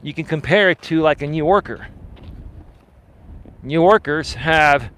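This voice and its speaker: A man talking on a live stream as he walks down an outdoor city street, his voice high for a man. He speaks with passion and emphasis and pushes back hard on his viewers' comments. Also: unhurried, fairly bright tone. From Greek heritage. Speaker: life coach live streamer. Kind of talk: walking live stream, reading chat aloud. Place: outdoors on an urban street, walking.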